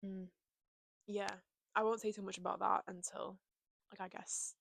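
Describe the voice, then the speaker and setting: A woman's voice: medium pitch, flat delivery, moderate pace, gravelly, fairly bright tone, no echo. A young woman chatting casually and openly to camera from her bedroom, full of "like" and "you know". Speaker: vlogger. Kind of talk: casual confessional chat.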